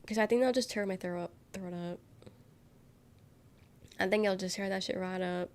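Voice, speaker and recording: Sick during a live stream, this young woman talks in a medium-pitched, clean-toned voice at a moderate pace, though it comes out nasal and congested. She chats aimlessly with her viewers, giggling a lot and cursing without hesitation.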